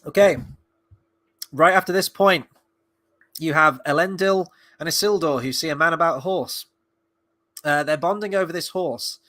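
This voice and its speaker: A man's voice: on the high side, normal speed, long pauses, pushed and bright. A man talks through his review of a television episode in a loose, unscripted way. His voice sits slightly above the usual male range. He wanders between points, stops and restarts often, and lets a sarcastic streak show. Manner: rambling and sarcastic, with frequent fillers and restarts. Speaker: film and TV reviewer. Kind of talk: casual spoken review.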